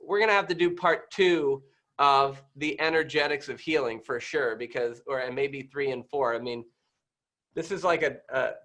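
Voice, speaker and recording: A man guest who is a doctor, chatting casually in a rambling, halting way with many restarts. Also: mid-range voice, a bit bright. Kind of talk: casual interview chat.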